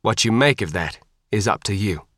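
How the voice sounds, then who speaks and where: A man voicing a calm, grave male commander who speaks in a measured, formal way. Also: fairly low pitch, no echo, studio quality.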